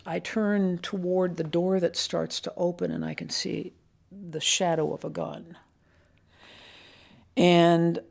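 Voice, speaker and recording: An older woman, a retired police commander, recounting her years on the force in a measured, reflective interview. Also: on the low side, gravelly. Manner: measured, reflective storytelling with pauses. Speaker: retired police assistant chief.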